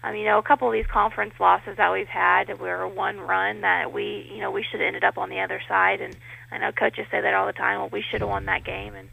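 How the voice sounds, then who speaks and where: A woman, a head softball coach, recapping a game in a relaxed, matter-of-fact way with fillers, heard over a phone line in a radio interview. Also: mid-range voice, fairly quick, creaky, breathy edge, no room sound.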